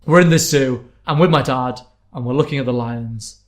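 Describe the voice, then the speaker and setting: A man's voice: medium pitch, moderate pace. A young man, co-hosting a casual podcast chat, telling childhood stories and often laughing at his own jokes. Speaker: podcast co-host.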